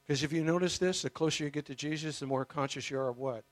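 A man preaching a sermon, telling a story with passion and emphatic swings in loudness. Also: fairly high pitch, fast, dry recording.

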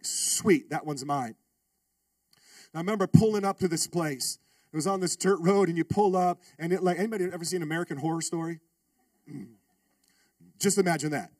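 Male pastor, storytelling sermon, lively and funny, high voice, dry off-mic sound. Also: fast, no room sound, recorded from a distance. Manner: animated, humorous, calls out to the congregation.

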